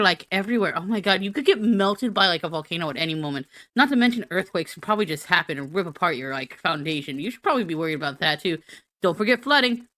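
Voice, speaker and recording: A woman's voice: mid-range voice, pushed and bright, dry recording, clean studio sound. A woman streamer doing a silly, rambling, self-mocking be-right-back rant.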